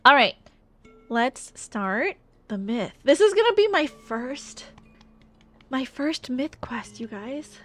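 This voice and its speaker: A woman's voice: sits high, sing-song, slow pace, a bit bright, soft background music. Playful streamer woman reading a game story. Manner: playful, laughing between lines.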